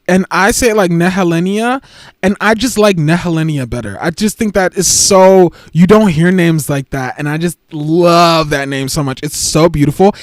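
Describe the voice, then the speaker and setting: A man's voice: high voice, no room sound, clean studio sound. A man hosting a casual livestream, chatty and sassy, gushing and jumping from one topic to the next. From United States. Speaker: livestream host.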